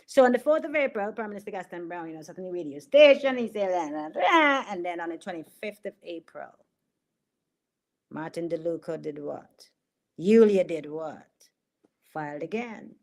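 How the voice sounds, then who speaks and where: A middle-aged woman hosts a political commentary livestream in a lowish, warm voice, animated and at a moderate pace. She is sarcastic and mocking, laughs at her own jokes, and drives her points home with emphatic repetition.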